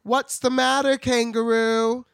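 A man's voice: very high-pitched, level tone, slow, vocal fry, fairly bright tone, clean tone, no echo, pitched above the performer's own voice, full character voice. A man putting on the voice of a bossy young girl who brushes others off. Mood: exasperated.

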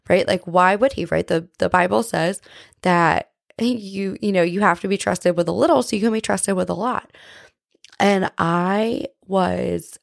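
A woman hosts a faith podcast in a chatty, confessional way, full of "like" and "right?". Her voice sits low with a gravelly, fry-tinged edge. The sound is close and dry, with no room around it. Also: dry recording. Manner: earnest, confessional. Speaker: podcast host. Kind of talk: casual faith talk.

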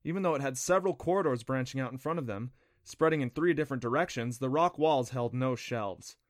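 A man reads a children's adventure audiobook in a steady, plain storytelling voice. His pitch sits in an everyday middle range. The recording is close and dry with no room sound. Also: a little fast, no echo. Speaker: audiobook narrator. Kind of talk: audiobook narration.

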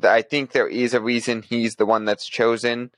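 A man's voice: medium pitch, flat delivery, normal speed. A man co-hosting a podcast, talking through news in a casual, thinking-aloud way with frequent restarts. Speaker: podcast co-host presenting news.

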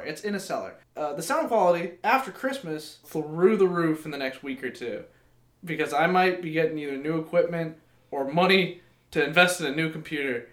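A young man co-hosting a casual podcast, chatty and quick to laugh. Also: high voice. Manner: chatty, laughs often, plugs the channel. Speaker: podcast co-host. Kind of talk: casual chat. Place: home cellar. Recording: echoey cellar room.

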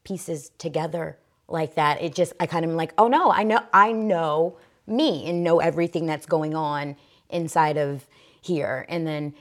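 A young woman co-hosting a podcast, telling stories in casual chat, swearing and halting with fillers. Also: low voice. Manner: chatty storyteller, profane, halting with fillers. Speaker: podcast co-host.

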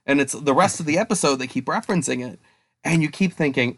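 A man's voice: on the high side, fast, husky, dry recording. A man, co-hosting a podcast in rambling, casual chat and laughing often. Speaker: podcast co-host.

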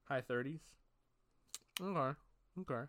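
Relaxed man co-hosting a podcast. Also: mid-range voice, a little slow, dry recording, studio quality. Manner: relaxed, agreeable, says "alrighty" a lot. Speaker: podcast co-host. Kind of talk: casual chat.

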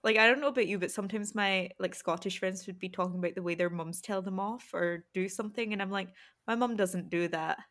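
A woman hosting a relaxed podcast chat at a middle pitch. She talks in a friendly, quick way and laughs easily. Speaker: podcast host. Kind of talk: casual podcast interview.

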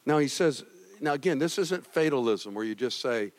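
A male pastor preaching a sermon, moving between loud exhortation and quiet, heavy passages. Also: mid-range voice, lively intonation, normal speed, in a large hall. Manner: swings from loud exhortation to hushed grief.

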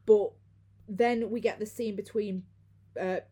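A woman's voice: mid-range voice, steady tone, measured pace, dark tone. A young woman hosting a podcast, recapping a film in a chatty way and laughing easily. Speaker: podcast host. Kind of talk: casual film recap chat.

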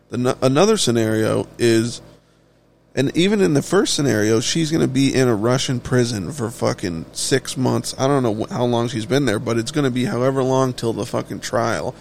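Gravelly, foul-mouthed man ranting. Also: medium pitch, slight background noise. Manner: blunt, heavily profane, offhand. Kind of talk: casual ranting monologue.

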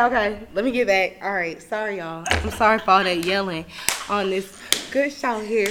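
A young woman hosting a podcast, venting in casual chat, animated and profane, swinging from loud outbursts to low muttering. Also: normal speed, heavy background noise. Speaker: podcast host.

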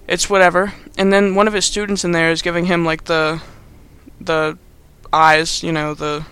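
A man's voice: high-pitched, pushed and bright, clear, resonant tone. A man hosting a podcast, recapping a movie in casual, sarcastic chat full of fillers and asides. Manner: rambling and sarcastic, heavy on fillers. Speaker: podcast host.

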